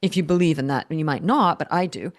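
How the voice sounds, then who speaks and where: A woman's voice: sits low, fast talker. A woman in her fifties, a business coach being interviewed, telling stories in a rambling way with many restarts. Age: 50s or older. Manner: rambling storyteller, many restarts and quoted self-talk. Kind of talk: interview conversation.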